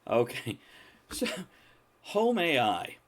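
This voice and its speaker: A man hosting a casual podcast chat, talking in an animated way, laughing often and swearing freely. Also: medium pitch, slow. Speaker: podcast host.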